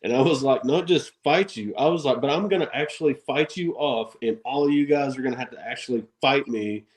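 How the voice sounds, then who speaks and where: A man, a wrestler guest on a podcast, telling stories in an animated way, acting out quotes and laughing often. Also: mid-range voice, brisk, rough recording. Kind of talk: casual storytelling interview.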